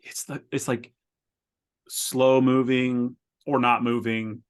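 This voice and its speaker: A man's voice: flat delivery, slow, clear, resonant tone. Stammering, rambling male podcast co-host. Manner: rambling, stammering, laughs often while describing. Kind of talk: casual chat. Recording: lower quality than usual.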